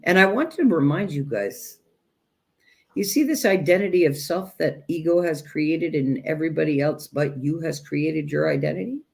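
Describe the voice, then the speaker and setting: A woman teaching self-growth in a direct spiritual talk, speaking emphatically and deliberately and addressing listeners as "you guys". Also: deep voice, gravelly, darkish tone.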